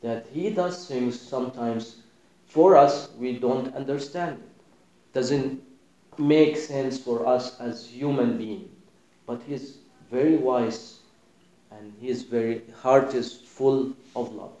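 A man preaching a sermon with passion, dropping to a hush and then rising loud. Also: mid-range voice, slow, echoey room, low-quality recording. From Sudan. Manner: impassioned, swinging between hushed and loud.

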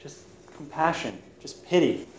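A man preaching a sermon on scripture in an earnest, halting way, often restarting his words. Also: a little high, lively intonation. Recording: roomy echo with faint background noise.

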